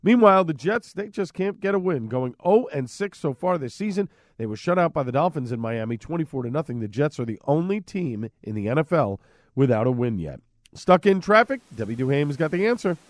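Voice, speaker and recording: A man reading local news headlines on the radio in a crisp, steady newsreader delivery. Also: on the high side, a little fast, no room sound.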